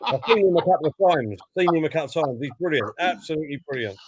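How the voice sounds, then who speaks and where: A man's voice: a little high, lively intonation, racing, slightly rough, dry recording. Man peppering chat with "know what I mean". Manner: says "you know what I mean" constantly. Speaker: live stream co-host. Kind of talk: casual chat.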